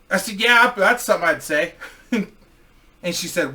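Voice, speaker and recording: A man's voice: on the high side, expressive, moderate pace, long pauses, bright, forceful tone, distant mic. A man telling crude, boisterous stories in a casual way and laughing at his own jokes. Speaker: host. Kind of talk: casual storytelling.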